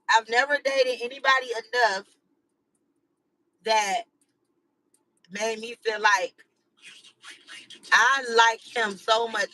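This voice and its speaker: A woman hosts her channel and chats loosely with viewers, rambling in slangy talk full of "like" and "you know." Her voice is bright and ringing and close to the mic. The recording is dry, with no room sound. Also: a little high, no room sound, rough recording. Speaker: channel host. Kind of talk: casual chat to live viewers.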